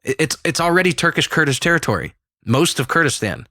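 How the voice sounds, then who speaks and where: A man co-hosting a casual political podcast, talking emphatically with quick asides and restarts. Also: a little high, animated, sharp tone, no echo, clean studio sound. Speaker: podcast co-host.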